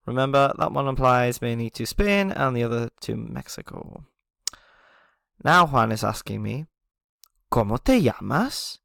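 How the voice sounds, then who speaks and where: A male language teacher with a gravelly, creaky voice, recorded dry and close. He explains things patiently to beginners, keeps checking in with "okay?" and chuckles at his own asides. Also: medium pitch, moderate pace, sharp tone, no echo. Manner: chuckles at himself.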